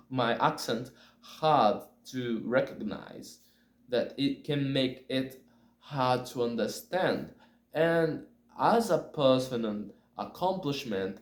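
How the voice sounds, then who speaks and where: A man learning English, talking in a hesitant, halting way and often correcting himself as he chats casually on camera. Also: mid-range voice, darkish tone. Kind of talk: casual spoken monologue. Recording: echoey room.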